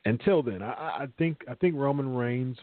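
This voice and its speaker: A man's voice: medium pitch, expressive, normal speed, no echo. Guy hosting a live stream, rambly, tons of uhs, sounds like a phone line, super dry. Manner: rambling, filler-heavy, repeats himself. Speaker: wrestling talk show host reading live chat. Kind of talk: casual live-stream chat.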